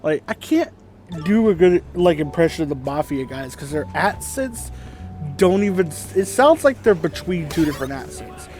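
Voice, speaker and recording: A man's voice: fairly high pitch, expressive, normal speed, a little mellow. A man in his twenties giving casual gameplay commentary, rambling and laughing at the game. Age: 20s. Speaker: gaming YouTuber. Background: game music.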